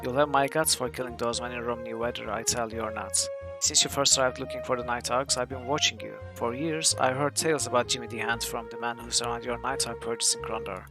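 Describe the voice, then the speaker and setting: A man's voice: mid-range voice, fairly even intonation, fairly quick, music in the background, natural voice. A man reading aloud the lines of a cunning male assassin guild leader in a game, in a cool, menacing way.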